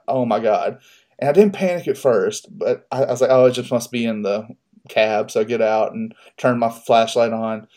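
A man in casual podcast chat, spinning a long story in a loose, profane way. His voice sits at an ordinary middle pitch, and he laughs at his own misfortunes as he goes. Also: a little mellow. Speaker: podcast co-host.

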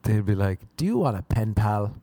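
A man doing a stand-up comedy routine, animated, acting out voices and laughing at his own jokes. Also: lowish voice, moderate pace, no echo. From Ireland.

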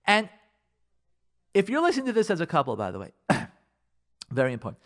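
A man on talk radio preaches marriage advice straight to his listeners, hammering points with repeated phrases. His voice sits a little high and swoops up and down with animated energy. He slips into little acted-out lines of what a spouse might say. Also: a little fast.

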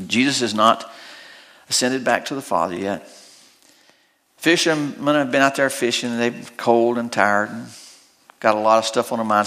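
A man preaching a sermon as pastor, with big swells of emotion and soft, tender storytelling that comes close to tears. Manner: preaching with big rises in pitch, then dropping soft and low for a story.

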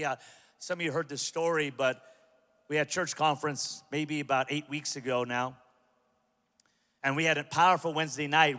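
A male pastor preaching a sermon to a large church, impassioned and humorous, building up to shouts. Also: fairly high pitch. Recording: long hall reverb.

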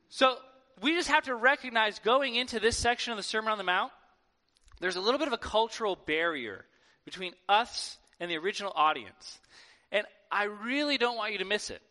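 High, bright male preacher in a hall. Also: fairly quick. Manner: animated, conversational, acts out quoted voices. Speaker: pastor. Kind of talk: sermon. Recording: long hall reverb.

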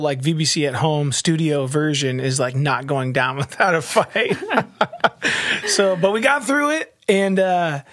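Church podcast guy, bit high voice, laughs a lot, super dry mic. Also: fairly bright tone, dry recording. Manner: chatty, laughs often, many restarts. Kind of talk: casual chat.

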